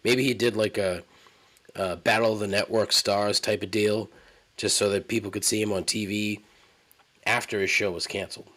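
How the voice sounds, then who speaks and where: A man's voice: lowish voice, fairly even intonation, normal speed, a bit bright. A man hosting a solo podcast, telling a story in a rambling, profane, incredulous way. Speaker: podcast host. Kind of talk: casual solo monologue.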